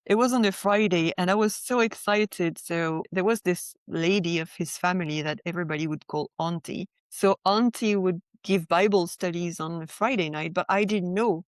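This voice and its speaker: A woman's voice: on the low side, no echo. A young woman from France, sharing a personal testimony as a podcast guest in a chatty way, peppered with "like" and "right?".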